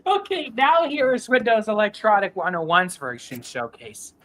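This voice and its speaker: A woman hosting, chatting casually about voices and laughing often. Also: mid-range voice. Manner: giggly, slow and animated. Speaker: host. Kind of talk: casual chat reviewing voices.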